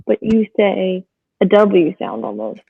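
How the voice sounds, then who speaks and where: A woman's voice: mid-range voice, little pitch movement, slow, creaky, husky, dry recording. A woman in casual podcast chat, patiently explaining things step by step. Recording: dull lo-fi audio.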